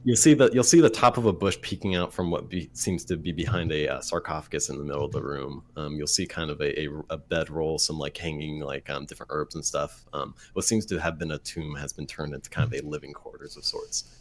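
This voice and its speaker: A man narrating as game master of a tabletop game, halting with many fillers and restarts. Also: a bass voice, fairly even intonation.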